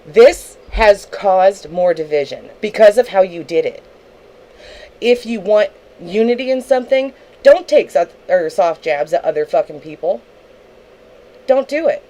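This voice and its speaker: A woman's voice: mid-range voice, lively intonation, a little slow, mellow, poor audio. A young woman on a livestream, angrily ranting at another streamer, swearing heavily and talking confrontationally. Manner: angry, profane, confrontational. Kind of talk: angry livestream rant.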